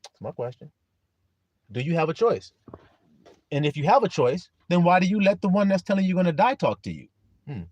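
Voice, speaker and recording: A man's voice: high voice, big pitch swings, a little fast, long pauses, a little mellow, dry recording, muffled recording. A man preaching a live-streamed sermon. He reads scripture aloud, fires questions at his listeners, greets viewers by name and laughs often.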